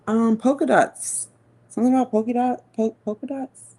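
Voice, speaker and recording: Mellow-voiced woman reading tarot slowly. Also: a little high, fairly even intonation. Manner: slow, musing, with long hums and pauses; casual and profane. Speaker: tarot reader.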